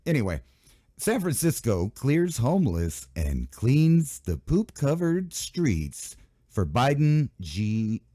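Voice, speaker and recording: Low-voiced, sarcastic male radio host. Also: a little mellow, dry recording, clean studio sound. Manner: rambling, sarcastic, digressive. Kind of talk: talk radio monologue.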